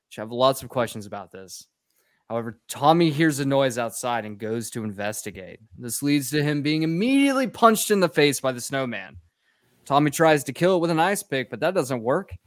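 Profane man with a lively voice. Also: mid-range voice, no echo, clean studio sound. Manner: profane, sarcastic storytelling. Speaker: podcast co-host. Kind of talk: casual film recap.

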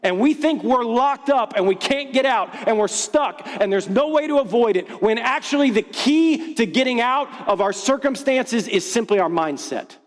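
A man preaching a sermon in a casual, playful, conversational way, telling funny stories about himself. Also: high-pitched. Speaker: pastor. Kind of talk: sermon with storytelling. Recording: long hall reverb.

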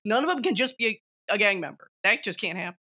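A woman in casual conversation about films, opinionated and animated, laughing often as she argues her point. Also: medium pitch, quick pace, breathy edge. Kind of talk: casual film discussion.

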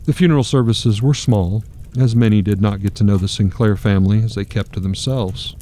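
A man narrating a dark story in a measured, grave manner. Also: lowish voice, fairly even intonation.

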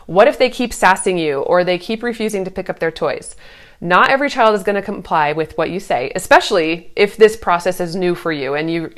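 A woman in her thirties giving casual parenting advice, earnest and reassuring, now and then putting on a sweet sing-song voice when she acts out what a parent might say. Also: on the low side. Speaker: parenting coach.

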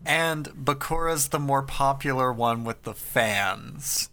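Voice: mid-range voice, slow pace, pushed and bright. A podcast co-host chatting casually and teasing the others with wry jokes. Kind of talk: casual chat.

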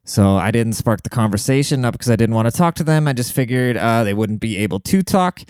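A man's voice: medium pitch, expressive, a little fast, darkish tone, smooth, dry recording, clean studio sound. A young man hosting a casual solo podcast from home, talking in a crude, rambling and sarcastic way. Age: young adult. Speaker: podcast host. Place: home room with a cat.

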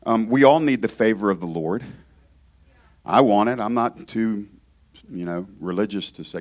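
This is an informal sermon from a Georgia man guest preaching in a church, spoken at a moderate pace in a voice on the low side. He's conversational and joking, frequently breaking off and picking his thoughts back up from the start.

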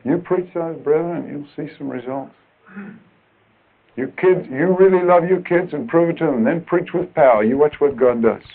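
A man preaching a sermon to other preachers, emphatic and urgent, dropping at times to quiet, earnest asides. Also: on the high side, moderate pace. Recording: tinny lo-fi old tape recording.

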